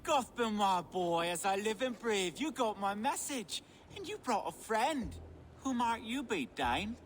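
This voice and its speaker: A sly, charming swindler. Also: male voice, high voice, big pitch swings, a little slow, a little hiss or hum. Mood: sly mocking. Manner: smooth-talking, mocking, theatrical. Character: sly charming male swindler, middle-aged. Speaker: video game character.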